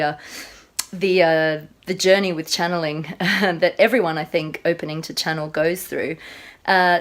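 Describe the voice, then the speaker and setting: A middle-aged woman with an Australian accent, talking earnestly and casually about spiritual channeling, with many fillers and restarts. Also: fairly low pitch. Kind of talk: casual spoken introduction to a video.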